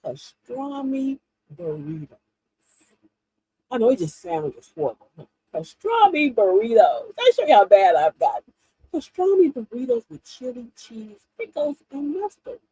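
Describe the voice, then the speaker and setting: Laughing woman host in her 50s, high swoopy voice, kinda husky, chatting to viewers. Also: normal speed, poor audio. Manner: animated, laughing storyteller. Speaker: livestream host. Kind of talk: casual chat to viewers.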